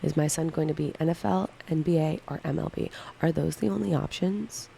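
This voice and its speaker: A woman's voice: deep voice, fairly quick, vocal fry, warm tone, slight background noise, poor audio. A woman in her thirties chatting casually on a livestream, candidly answering viewer questions one by one. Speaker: livestream co-host.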